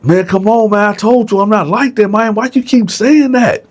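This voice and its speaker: A man voicing a frightened young male inmate who pleads and begs in a high strained voice. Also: moderate pace. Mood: pleading.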